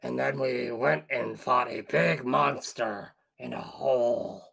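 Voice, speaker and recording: A man recapping events as a player in a tabletop game, listing them flatly and correcting himself. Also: medium pitch, slow, vocal fry. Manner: flat listing, self-correcting.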